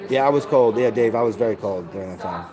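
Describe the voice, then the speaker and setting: Low-voiced rambling man chatting live. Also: quick pace, a crowd in the background, low-quality recording. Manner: rambling, profane, laid-back, restarts often. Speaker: livestreamer answering chat. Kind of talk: rambling casual live-stream chat.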